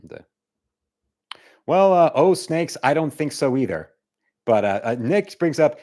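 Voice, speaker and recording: A man's voice: medium pitch, very animated, a little slow, pauses often, a little mellow. A man hosting a live stream, chatting casually and reading viewer comments in a rambling way. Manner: rambling, with many fillers and restarts.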